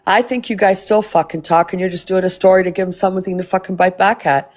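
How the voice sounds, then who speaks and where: A woman's voice: on the low side, fairly even intonation, quick pace, a little mellow. A Canadian woman hosting a livestream, blunt and foul-mouthed as she scolds and comments. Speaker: livestream host.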